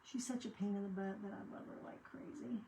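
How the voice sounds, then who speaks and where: A woman's voice: mid-range voice, fairly even intonation, brisk, vocal fry, warm tone, a little hiss or hum, rough recording. Chatty older woman, rambling. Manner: rambling, chatty, trails off mid-sentence. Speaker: crafting channel host. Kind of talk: casual chat while crafting.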